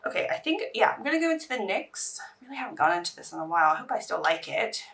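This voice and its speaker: A woman's voice: on the high side, big pitch swings, quick pace, vocal fry, fairly bright tone, distant mic. A woman beauty vlogger in casual get-ready-with-me chat, rambling and anxious as she talks.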